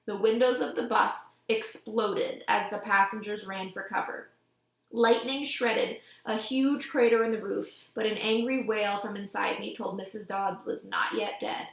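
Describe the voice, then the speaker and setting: A woman reading a novel aloud with lively, expressive storytelling, recorded in an echoey room. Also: mid-range voice, a little slow, creaky. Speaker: audiobook reader.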